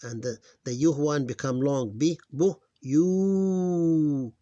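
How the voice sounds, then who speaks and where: A man teaching reading, slowly sounding out syllables one at a time, recorded on a close mic. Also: medium pitch, mellow, no echo, dull audio. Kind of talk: screen-recorded phonics lesson.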